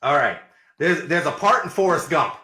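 Lively bright-voiced man rambling on air. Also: fairly high pitch, normal speed, echoey room. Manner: rambling, self-interrupting storyteller. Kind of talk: casual comedy radio chat.

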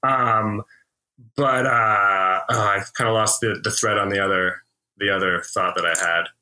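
A man comedian hosting a podcast, talking openly in a halting way with many restarts. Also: on the low side, fairly even intonation, bright, forceful tone, rough recording. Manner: halting, full of restarts and fillers. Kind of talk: casual podcast chat.

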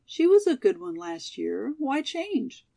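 Brief: earnest, loyal schoolgirl, easily embarrassed, voiced by a woman reader with a little fry. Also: high voice, very animated, takes it slowly, dark tone, pitched above the performer's own voice, exaggerated voice. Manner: embarrassed, loyal, sometimes hot. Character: earnest, modest young college girl Molly.

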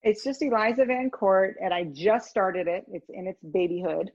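A woman guest in an interview, telling stories in a rambling, animated way. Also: medium pitch, normal speed, no room sound, highs cut off. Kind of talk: conversational storytelling.

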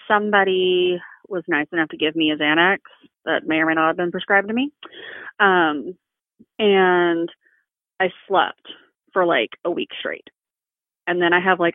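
A woman's voice: fairly low pitch, no room sound. A woman from the South, talking frankly and bluntly, swearing freely as a guest in a casual chat. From Southern United States. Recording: phone-like narrow sound.

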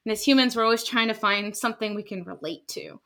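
A woman scientist in her thirties, explaining her research in lively casual conversation and acting out quoted voices. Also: medium pitch, fast. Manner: animated, acts out quoted voices. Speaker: scientist guest.

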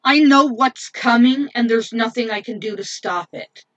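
Woman, angry venting monologue, profane and repetitive, high bright voice, dull distant lo-fi recording. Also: moderate pace, no echo. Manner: profane, emphatic.

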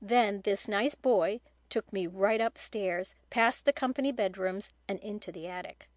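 A woman's voice: mid-range voice, unhurried, no room sound. Woman narrating an audiobook in a dry voice. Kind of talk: audiobook narration of a children's novel.

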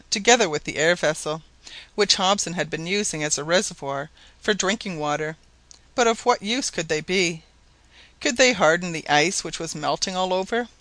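A man narrating an adventure novel aloud in a steady, clear reading. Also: high-pitched, no echo. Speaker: audiobook narrator. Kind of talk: scripted narration.

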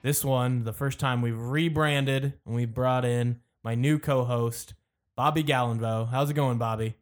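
Man, podcast host, casual sports chat, rambling, medium pitch. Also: measured pace, soft background music. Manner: relaxed, rambling with fillers and restarts.

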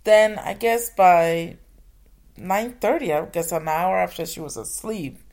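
A mother telling a personal story, often halting and restarting, with hushed asides. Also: fairly low pitch.

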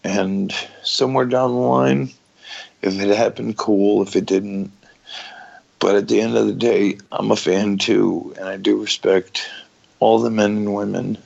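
A man's voice: on the low side, fairly even intonation, measured pace, gravelly, a little mellow, muffled recording. A middle-aged man, a former pro wrestler, talking candidly in an interview, raw and profane, stopping and restarting often.

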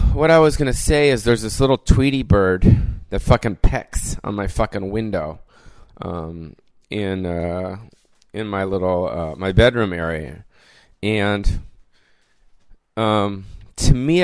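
A man's voice: medium pitch, dry recording. Rambling, foul-mouthed male podcast host. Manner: rambling, profane, lots of fillers. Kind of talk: casual solo rant. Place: recorded alone without producers.

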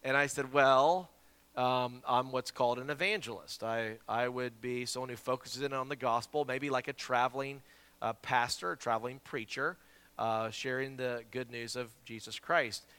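A man from South Carolina, an evangelist preaching a sermon and telling a story with lively, repeated words. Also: mid-range voice, normal speed, clear, resonant tone. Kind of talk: sermon with Bible reading. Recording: long hall reverb.

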